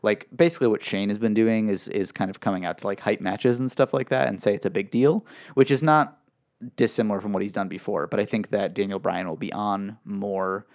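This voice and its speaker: Lowish voiced guy rambling through a podcast chat, lots of likes and ums. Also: brisk, darkish tone. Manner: chatty, explains at length with many fillers. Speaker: podcast co-host. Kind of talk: casual wrestling chat.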